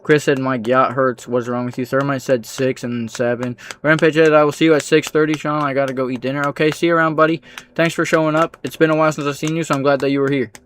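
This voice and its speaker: A man livestreaming, reading out chat comments with dry, sarcastic replies and low-key asides. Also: little pitch movement, fast talker, a little hiss or hum.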